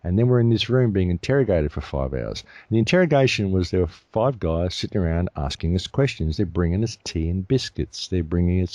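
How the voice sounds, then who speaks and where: A low, mellow-toned man speaks as an interview guest. He talks in an emphatic, indignant rant. The sound is dry, with little room around it. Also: animated, a little fast, hardly any pauses, no echo. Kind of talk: heated interview talk.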